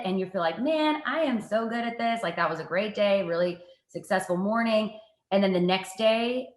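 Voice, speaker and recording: Animated woman telling stories, echoey room. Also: mid-range voice. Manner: lively, animated storytelling with self-mocking asides. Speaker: guest, TV reporter and anchor. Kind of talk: casual interview storytelling.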